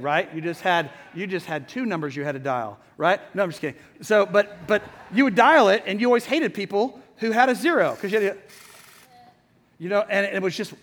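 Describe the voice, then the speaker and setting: A middle-aged man preaching a sermon to a hall audience, chatty and lively, often asking the crowd questions. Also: sits high. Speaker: pastor. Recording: long hall reverb.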